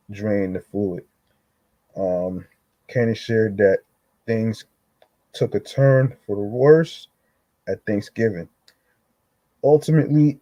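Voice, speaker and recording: A man hosting a solo podcast, choked up and halting, with many fillers and restarts as he talks. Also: lowish voice, mellow, no room sound, low-quality recording. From New York. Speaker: podcast host.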